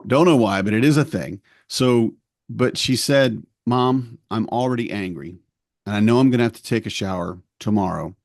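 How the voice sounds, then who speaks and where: The clip is clean studio audio with no room sound: a middle-aged co-host, fairly low-pitched and a little mellow, speaks fast in casual podcast chat. He rambles through a story about his family, voicing the characters' lines himself.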